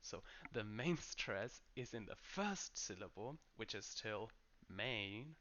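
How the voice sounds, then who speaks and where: A man teaching English pronunciation, slowly modeling each word and its stress. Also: fairly low pitch, lively intonation, pushed and bright, dull audio. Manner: slow, careful modeling of words. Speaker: pronunciation coach. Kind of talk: pronunciation lesson.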